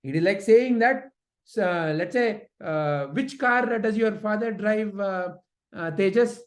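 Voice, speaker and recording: A man teaching a lesson to children, telling stories and asking the class questions in an animated way. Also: high-pitched, slow pace.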